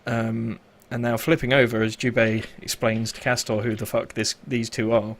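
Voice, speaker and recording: A man's voice: medium pitch, little pitch movement, a bit bright. A man narrating as game master of a tabletop role-playing session, casual and full of fillers. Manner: casual, filler-heavy narration with quick voiced asides.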